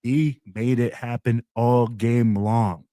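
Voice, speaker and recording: A man as a guest on a sports podcast, talking excitedly and emphatically in casual chat. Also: medium pitch, slow pace, no echo, clean studio sound. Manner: excitable, emphatic, calls the host "bro".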